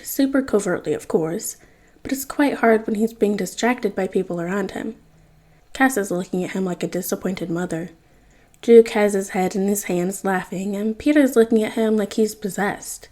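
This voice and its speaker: A woman reading a fanfiction audiobook in an even, wry narrating manner. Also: medium pitch, normal speed. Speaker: podfic reader.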